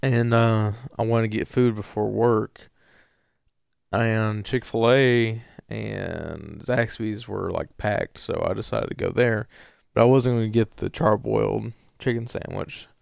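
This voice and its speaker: A man rambles through a casual story, full of fillers and restarts. His low voice is gravelly at the bottom yet smooth and clear, recorded close and dry. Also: steady tone, a little slow, darkish tone, no echo. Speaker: streamer answering viewer questions.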